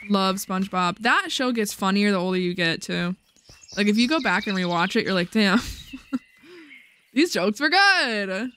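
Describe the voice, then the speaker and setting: Lively, playful woman gaming host. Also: medium pitch, slow pace, long pauses, slight background noise. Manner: playful, chatty, talks to herself while playing. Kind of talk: casual let's-play commentary.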